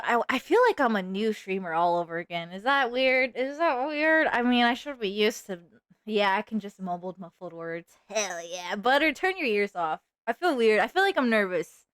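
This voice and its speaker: A woman's voice: a little high, clear, resonant tone, dry recording, studio quality. A woman chatting casually on a live stream, goofy and rambling, often poking fun at herself. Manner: goofy, rambling, self-mocking.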